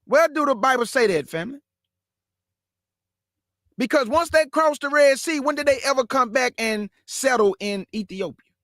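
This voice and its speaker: Male Bible teacher and host, high-pitched and emphatic, dry close sound, casual delivery that keeps repeating its main points. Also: a bit bright, no echo. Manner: emphatic, repeats key phrases, calls listeners "family"; walks through a shared screen map while talking.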